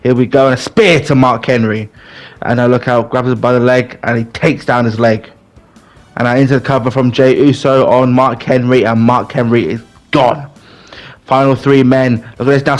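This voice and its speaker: Excitable man calling a wrestling game. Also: mid-range voice, normal speed. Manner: excitable, mock wrestling-announcer play-by-play, bursts into pleading. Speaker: gaming channel host. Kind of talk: excited let's-play commentary.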